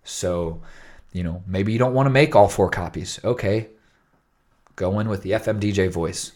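A man's voice: sits low, moderate pace, a little mellow. A man co-hosting a casual chat, telling a story enthusiastically with plenty of casual filler words. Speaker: podcast co-host.

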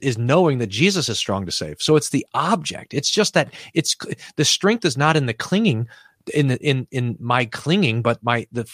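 A man's voice: medium pitch, a bit bright, dry recording, clean studio sound. A man, a pastor and podcast guest, speaking reflectively and telling pastoral stories in a conversational interview, often restarting his sentences. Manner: storytelling, reflective, frequent restarts.

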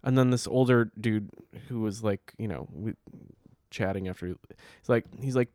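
A man's voice: on the low side, normal speed, a little mellow, dry recording, studio quality. A man co-hosting a casual chat, animatedly acting out quotes from people he met on the street. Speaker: podcast co-host. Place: New York.

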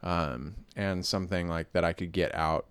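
Casting: young male podcast co-host, lowish voice, loose, chatty, rambling delivery. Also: steady tone, moderate pace, fairly bright tone, clear, resonant tone, no room sound. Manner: rambling, many fillers and restarts. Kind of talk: casual chat.

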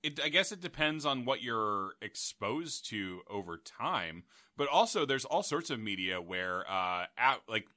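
A man co-hosting a podcast in casual comedic banter, joking and riffing quickly, laughing often, on a home desk mic. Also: on the low side, big pitch swings, pushed and bright. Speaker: podcast co-host.

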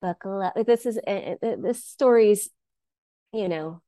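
A woman's voice: mid-range voice, measured pace, warm tone, no room sound, clean studio sound. A woman co-hosting a podcast, chatting and then telling a researched story. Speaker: podcast co-host.

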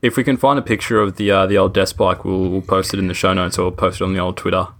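A man's voice: low voice, little pitch movement, quick pace, creaky. A man co-hosting a podcast, chatting casually, laughing often and stumbling over his words. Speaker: podcast co-host. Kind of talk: casual chat.

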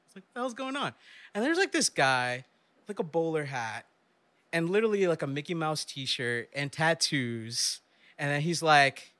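Animated high-voiced man telling a story. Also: normal speed. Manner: animated, laughing often, acts out voices. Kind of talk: live storytelling.

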